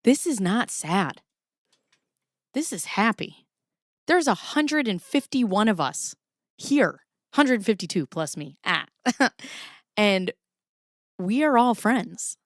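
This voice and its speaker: A woman's voice: medium pitch, sing-song, takes it slowly, pauses often, no room sound, clean studio sound. A woman hosting a casual livestream from her home basement, chatty and profane, often laughing as she reads documents and talks to her chat. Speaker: livestream host. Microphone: camera pointed at herself.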